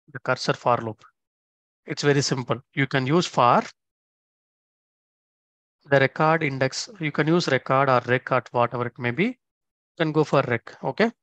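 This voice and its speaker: A man's voice: mid-range voice, a bit bright, no echo. A man teaching a programming lesson step by step. He often stops to check in with "okay?". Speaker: instructor. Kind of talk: screen-recorded coding tutorial.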